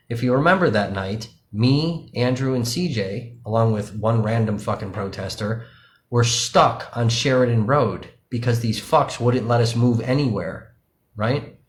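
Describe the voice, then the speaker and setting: A man, an independent livestream journalist, talking casually and profanely to his viewers, explaining things directly to them. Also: fairly low pitch. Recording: roomy echo.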